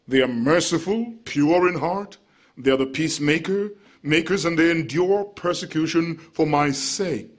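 A male preacher with a slightly high, husky voice delivers an expository sermon. He is measured and emphatic, stretching out key words. He eases into relaxed, chatty asides.

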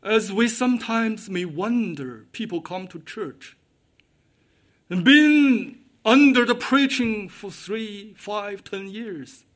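A man delivers a sermon in a strikingly high voice. He speaks slowly and deliberately and presses on his main questions, repeating them for emphasis. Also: expressive, fairly bright tone. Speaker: preacher.

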